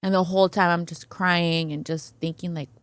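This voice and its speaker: A woman's voice: fairly low pitch, moderate pace, clean tone, no echo. Woman retelling a story animatedly. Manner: animated retelling, acting out quoted voices, fillers like "right?". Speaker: guest. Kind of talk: conversational storytelling.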